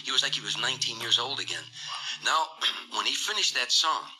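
A man telling a long anecdote in an interview clip, animated and voicing the people in his story. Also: mid-range voice, fairly quick, poor audio. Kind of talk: recounted anecdote.

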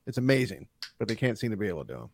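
A man co-hosting a casual movie podcast, blunt with quick interjections. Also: lowish voice, sing-song, gravelly, no room sound. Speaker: podcast co-host.

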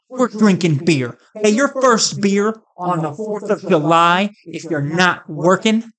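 A man's voice: sits high, fairly bright tone. A fired-up man from the States rants to camera in a loose, comedic vlog. He rambles from one thing to the next, tosses in crude jokes, and keeps himself jazzed up the whole way through. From United States. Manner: hyped, rambling and jokey, with crude asides. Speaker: vlogger. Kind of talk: casual comedic rant to camera.

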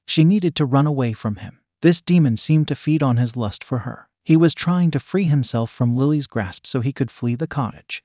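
A man narrating a story in a steady, even reading voice. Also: medium pitch, dry recording, clean studio sound. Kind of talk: scripted narration.

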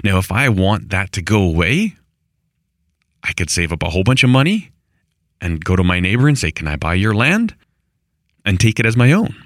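A man's voice: low-pitched, very animated, moderate pace, pauses often, no room sound, studio quality. A middle-aged man talking to camera in a rambling, conversational monologue, with restarts and exasperated asides. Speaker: vlogger on rural homestead life. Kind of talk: casual monologue.

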